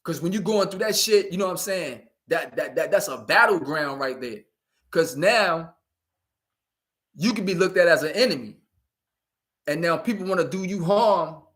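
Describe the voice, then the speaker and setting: A man's voice: fairly high pitch, animated, normal speed, fairly bright tone. A man giving a blunt, profane street-talk monologue, preaching to young people and often asking "you know what I'm saying". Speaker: community speaker.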